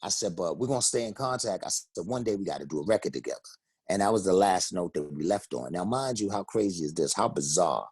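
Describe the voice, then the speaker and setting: Deep, slightly rough and fast, this man's voice comes through with no echo. As an interview guest, the Bronx rapper and singer tells casual stories with animation, voicing quotes in raised tones.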